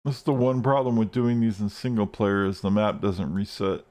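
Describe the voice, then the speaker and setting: A man's voice: lowish voice, normal speed, darkish tone. A man live-streaming a game, chatting casually and rambling while he plays, swearing often.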